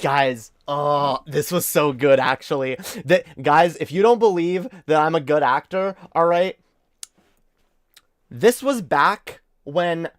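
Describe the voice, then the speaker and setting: A man streaming while tipsy, giving boastful, excitable, profane commentary on his old footage. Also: on the high side, slow, no echo, studio quality. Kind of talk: reaction livestream commentary.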